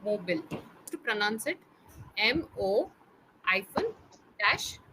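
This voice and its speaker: A woman's voice: a little high, expressive, normal speed, noisy background. A young woman tutoring pronunciation patiently, spelling words out letter by letter and checking in often. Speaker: English tutor. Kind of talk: online pronunciation lesson.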